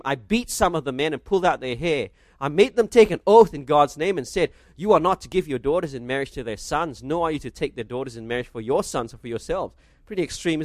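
Pastor, male, slightly high voice, dry close-miked sound, expository sermon with rhetorical asides. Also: no room sound. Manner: expository preaching, reads scripture aloud, asks the congregation rhetorical questions.

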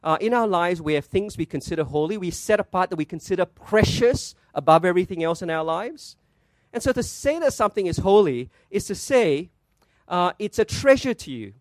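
High-voiced pastor preaching a sermon. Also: male voice, no room sound. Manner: asks rhetorical questions, stresses words slowly.

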